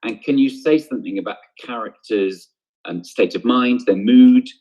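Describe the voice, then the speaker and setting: A man's voice: medium pitch, moderate pace, dark tone, highs cut off. A man teaching an online drama lesson, explaining ideas step by step, asking questions and then answering them, with frequent ums.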